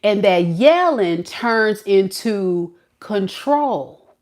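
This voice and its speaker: Woman tarot reader, slow, preachy and colloquial, mid-range voice. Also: medium pitch, animated, darkish tone. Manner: preachy, colloquial, drawn-out emphasis. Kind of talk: casual talk to camera.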